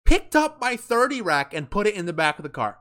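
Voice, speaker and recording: A man's voice: sits high, very animated, fairly quick, sharp tone, clear, resonant tone. A young man co-hosting a podcast, telling a story in casual chat with lots of swearing and acted-out quotes. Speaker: podcast co-host.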